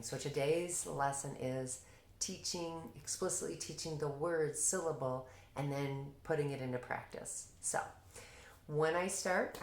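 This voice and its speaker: A woman with a notably low voice explains how she teaches reading, breaking into an animated classroom tone to demonstrate prompts. The recording has the hollow echo of a bare room. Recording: echoey room.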